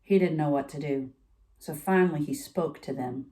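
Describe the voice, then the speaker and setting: A woman's voice: low-pitched, moderate pace, very noisy. A woman reading a picture book aloud to children, with chatty asides to her young listeners. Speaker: storytime reader.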